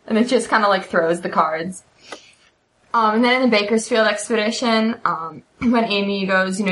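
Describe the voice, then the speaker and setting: Bright-voiced young woman chatting casually. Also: medium pitch, low-quality recording. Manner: quick retelling of sitcom scenes with frequent fillers. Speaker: podcast co-host. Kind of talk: casual chat.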